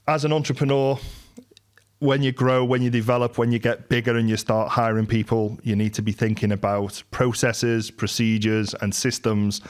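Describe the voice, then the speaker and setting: A middle-aged man, a podcast host and entrepreneur telling a story in a casual monologue, acting out the quoted dialogue with lively energy. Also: on the low side.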